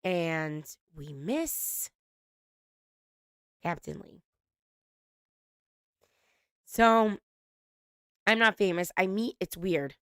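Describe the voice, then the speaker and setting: Slow-talking chatty woman host. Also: lowish voice, lively intonation, a bit bright, clean tone, no room sound, studio quality. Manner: chatty, laughs often, swears casually. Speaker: reality TV recap host. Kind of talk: casual recap chat.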